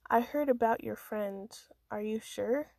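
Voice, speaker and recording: A woman voicing a formal, concerned female college chancellor who speaks gently and probingly in a storybook reading. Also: a little high, measured pace, creaky, no room sound, clean studio sound.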